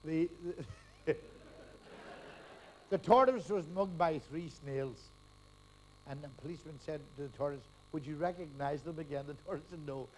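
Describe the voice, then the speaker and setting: A man's voice: fairly high pitch, slight background noise, rough recording. A middle-aged man doing a stand-up comedy routine on a live stage, firing off crude jokes one after another and laughing at his own gags. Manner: rapid-fire joke telling with crude punchlines, laughing at his own gags.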